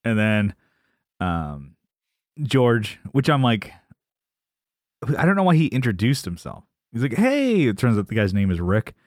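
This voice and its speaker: A man's voice: lowish voice, unhurried, pauses often, dry recording, clean studio sound. A man co-hosting a casual podcast, animatedly recapping a sitcom episode and acting out the characters' lines. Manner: animated retelling with quoted voices and laughs. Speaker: podcast co-host.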